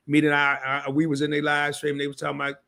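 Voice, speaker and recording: A man hosting a casual live stream, talking straight to his chat. He gets excited, repeats himself and restarts often. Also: fairly high pitch, fast talker, vocal fry.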